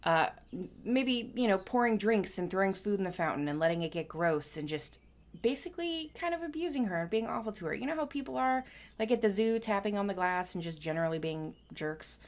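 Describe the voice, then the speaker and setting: A woman's voice: medium pitch, lively intonation, fairly quick. A woman casually making up a story as she talks, rambling and musing with lots of hedges. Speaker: painting vlogger.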